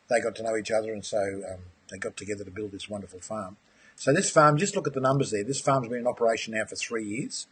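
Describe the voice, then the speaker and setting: A man's voice: lowish voice, fairly bright tone, breathy edge. A middle-aged man hosting a live webinar, chatty and enthusiastic. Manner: enthusiastic, chatty, uses "mate". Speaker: aquaponics course host.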